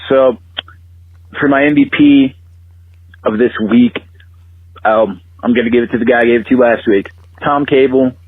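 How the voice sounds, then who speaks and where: A man's voice: medium pitch, fairly even intonation, moderate pace, pauses often, breathy edge, dry recording. A man calling in to a fan podcast, giving a blunt, profane and emphatic rundown of his team's game. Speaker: phone-in caller. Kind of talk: phoned-in fan rant. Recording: tinny phone line.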